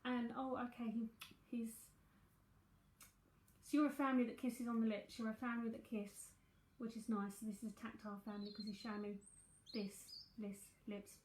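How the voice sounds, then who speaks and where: A woman's voice: fairly high pitch, flat delivery, a little fast, a little mellow. Chatty South London woman in an echoey room. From South London, England. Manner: chatty, breezy, full of fillers and asides. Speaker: psychic medium and tarot reader. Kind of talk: live-streamed psychic reading and chat.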